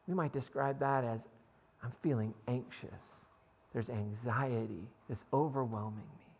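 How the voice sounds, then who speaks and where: A man's voice: mid-range voice, creaky. A man preaching a conversational sermon in a church, often checking in with "right?" and "like.". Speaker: pastor. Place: church sanctuary. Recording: long hall reverb.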